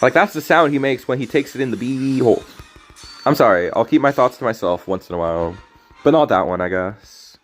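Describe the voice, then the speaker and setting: Animated and a little quick, this mid-range male voice belongs to a man narrating his own card game stream. His commentary wanders and is full of jokes, self-interruptions, and apologies, set against faint game music.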